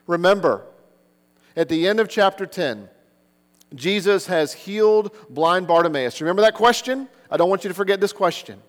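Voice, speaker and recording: A man's voice: sits high, animated, normal speed, in a large hall. A man preaching a sermon, earnest, who keeps asking the listeners rhetorical questions. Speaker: pastor.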